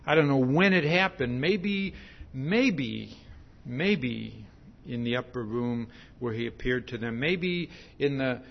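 A man preaching a sermon, slow and emphatic, tagging his points with "see?". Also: mid-range voice, lively intonation, gravelly, highs cut off.

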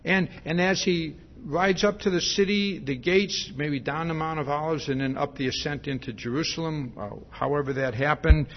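A man preaching an expository sermon in a conversational way, often pausing to ask "see?" and restarting his sentences. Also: on the high side, muffled recording.

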